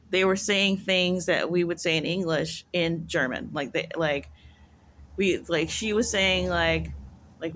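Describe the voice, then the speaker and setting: A woman's voice: on the low side, a bit bright. A woman talking to camera in a casual, rambling vlog monologue, musing aloud and filling her sentences with "like.". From United States. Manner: rambling, musing, heavy use of "like". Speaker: vlogger.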